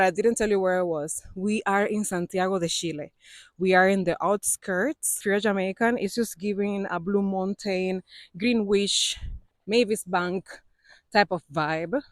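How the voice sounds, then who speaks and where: A woman's voice: mid-range voice, dry recording. Cuban woman, 40s, walking vlog, slightly out of breath, chatty and laughing, dry close sound, outdoor trail. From Cuba. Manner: chatty, laughs often, non-native phrasing. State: out of breath from climbing. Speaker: vlogger.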